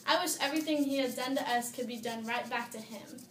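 A timid little giraffe schoolboy in a storybook, his voice on the high side, as a woman reads him. An echoey room and soft hiss surround it. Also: a little fast, lightly acted. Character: young boy giraffe, timid and scared.

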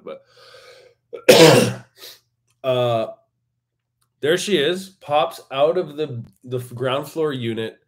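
A man with an Albertan accent hosting a casual solo podcast from his bedroom, rambling and joking with lots of restarts. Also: medium pitch. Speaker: podcast host. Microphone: table mic.

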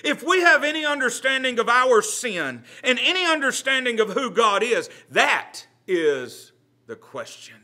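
A man leads a church Bible study as pastor. His voice sits high and sounds bright. He teaches earnestly, sinking to a near hush and then rising to press a point. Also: very animated, a little slow. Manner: earnest preaching, swings from loud to hushed.

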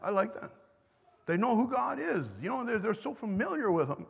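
Here the older German-native preacher sounds very high-pitched, expressive and fairly quick, his voice husky with vocal fry. He teaches parents a sermon in a church hall over a microphone, posing questions to the listeners and chuckling between points, captured in an echoey hall with dull lo-fi quality.

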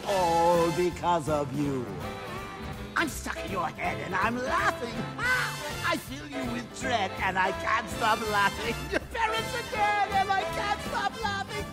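An actor playing a manic murderous clown villain in a video game, singing with gleeful sing-song menace over a soundtrack. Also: male voice, very high voice, big pitch swings, unhurried, heavily acted. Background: game soundtrack music.

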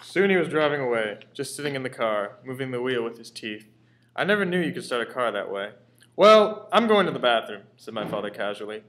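A man reading a comic story aloud in an animated way. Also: medium pitch, quick pace. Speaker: story reader.

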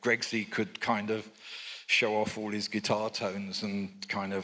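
An older record producer, interviewed on stage at a fan convention, telling rambling anecdotes with lots of fillers and asides. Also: male voice, fairly low pitch, fairly even intonation, measured pace, bright, forceful tone. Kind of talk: relaxed anecdotal storytelling.

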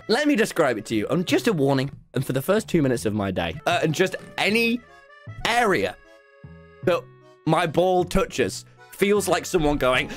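Young streamer, animated comic storyteller with a wide-ranging voice and a faint music bed. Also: male voice, fairly high pitch, moderate pace. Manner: animated, exclaiming, swearing freely.

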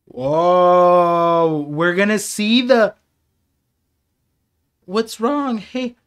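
A young adult man streaming a live reaction, excitable and laughing, then turning quiet and reflective. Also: high-pitched, very slow, clean tone. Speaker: streamer reacting to a manga chapter.

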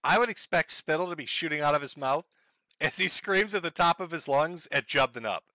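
Bright, laughing male streamer. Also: a little high, animated, fairly quick, no echo. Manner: mocking, laughing often, profane. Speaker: streamer commenting on clips. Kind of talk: casual livestream commentary.

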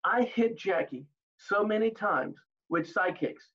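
An older man telling stories as an interview guest, animated, acting out the exchanges he recalls. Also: high-pitched, unhurried, lo-fi sound. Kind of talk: storytelling in an interview.

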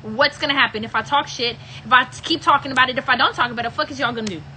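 High, bright-voiced woman ranting angrily. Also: rapid-fire, slight background noise, rough recording. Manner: irritated, heavy swearing, repeats herself. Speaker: livestream host. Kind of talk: angry rant to live viewers.

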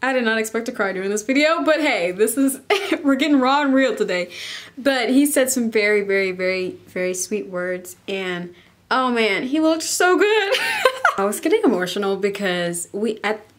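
A woman's voice: mid-range voice, moderate pace. A young woman, chatting to camera in a casual, bubbly and emotional way. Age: young adult. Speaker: vlogger.

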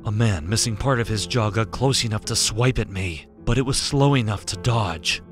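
A man narrating a scripted horror story in a hushed, grave, drawn-out way. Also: on the low side. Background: faint background music.

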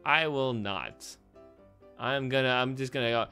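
Speaking unhurriedly in a medium pitch, a young gaming YouTuber offers casual, rambling commentary on a quiz game, thinking aloud and laughing often. His tone is bright, forceful, clear, and resonant, and faint music plays in the background.

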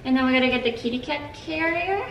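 A woman's voice: high-pitched, expressive, quick pace, a bit bright, lo-fi sound, a little hiss or hum. A young woman vlogging as a stay-at-home mom, chatting casually to the camera and coaxing her toddler in a sing-song voice. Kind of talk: casual vlog narration and talking to her toddler.

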